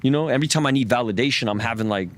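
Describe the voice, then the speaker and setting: A man's voice: mid-range voice, very fast, slight background noise. A profane, rambling man telling a story. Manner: profane, rambling, restarts a lot. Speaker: interview guest. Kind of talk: casual storytelling.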